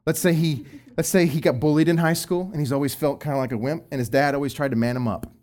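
A middle-aged man, a former youth pastor, giving Christian marriage advice in an expressive way, swinging between loud emphasis and soft asides. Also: a little high, fast.

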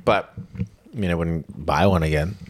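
A man's voice: low voice, unhurried. A man chatting on a podcast, blunt and joking. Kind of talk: casual chat.

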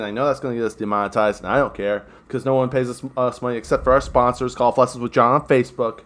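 A young man co-hosting a casual comedy podcast, talking in a sarcastic, rambling way and ranting with sudden loud bursts. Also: medium pitch, steady tone, fast talker, few pauses. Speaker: podcast co-host.

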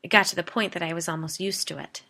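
A woman reading the part of a gruff, plainspoken middle-aged man in a spoken story. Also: on the low side, fairly even intonation, fast talker, bright, forceful tone, full character voice. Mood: grim.

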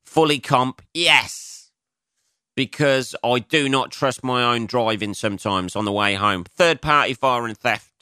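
Swearing comedian, bright crisp voice. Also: male voice, measured pace, no room sound, clean studio sound. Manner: swearing, self-mocking, answers his own asides in a higher voice. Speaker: comedian and podcast host. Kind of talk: casual solo podcast monologue.

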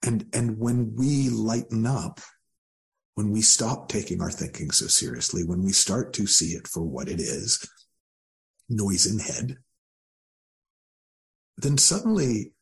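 A man speaking as a guest coach in an interview, calm and thoughtful with a gently wry turn. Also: on the low side, a little slow, creaky, pauses often. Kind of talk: reflective interview talk.

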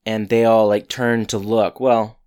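A man's voice: lowish voice, flat delivery, unhurried, darkish tone, smooth. A man co-hosting a podcast, casually recapping a sitcom episode and acting out the characters' lines. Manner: rambling, acts out characters' lines. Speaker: podcast co-host.

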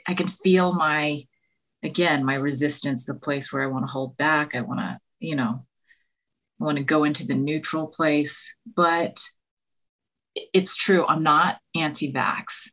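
A woman talking earnestly as a guest, halting and searching for words with many restarts. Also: low-pitched, fairly even intonation, fairly bright tone. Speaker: podcast guest. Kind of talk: earnest conversation.

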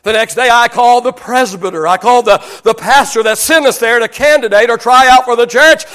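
A male pastor from Oklahoma tells a story during a sermon, sounding animated and self-deprecating and frequently starting his sentences over. His voice is very high-pitched and he talks a little fast.

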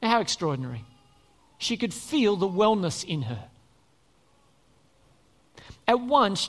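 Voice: medium pitch, big pitch swings, moderate pace, pauses often, a bit bright. A preacher giving a conversational sermon and often asking the congregation questions. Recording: long reverb in a church hall.

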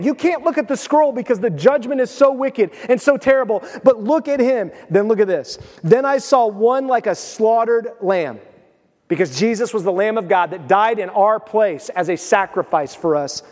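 A man preaching a sermon as a pastor, animated, swinging between loud bursts and hushed, quiet passages. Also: extremely high pitch. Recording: long hall reverb.

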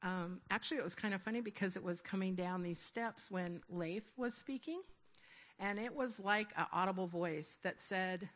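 A woman's voice: medium pitch, normal speed. Woman telling a rambling personal testimony. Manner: rambling, animated storytelling with quoted inner dialogue. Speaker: church member giving a testimony.

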